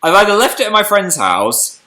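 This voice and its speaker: A man's voice: high voice, sing-song, moderate pace, sharp tone. A British man hosting a livestream in casual chat, playfully reading out viewer comments and answering them.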